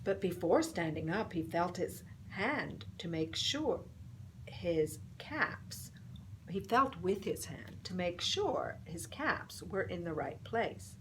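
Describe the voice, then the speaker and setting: A woman storyteller reading a picture book aloud, slow and expressive, dropping to a whisper for suspense. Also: fairly low pitch, slight background noise.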